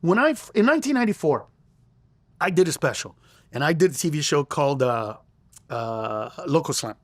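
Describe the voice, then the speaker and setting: A man's voice: a little high, animated, moderate pace, dry recording. A middle-aged man, a comedian guest in an interview, telling stories in an emphatic, profane way with stammering restarts. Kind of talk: animated interview storytelling.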